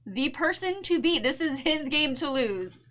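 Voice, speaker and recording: A woman's voice: sits high, animated, unhurried, a bit bright. A woman co-hosting a casual show, chatting in a bubbly way and laughing often, with a New Jersey accent. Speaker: podcast co-host. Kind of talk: casual chat recap.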